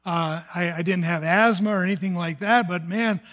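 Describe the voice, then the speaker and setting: A man's voice: sits high, normal speed, a bit bright. An older man from the United States, a pastor, telling a personal testimony in an earnest storytelling sermon, often restarting his sentences.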